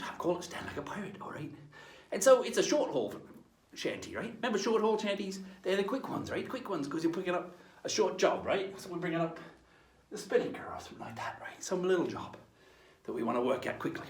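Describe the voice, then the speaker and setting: A man presenting a pirate lesson for children, telling tales with dramatic whispers and pirate growls. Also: high-pitched. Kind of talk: storytelling lesson for kids in pirate character. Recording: roomy echo.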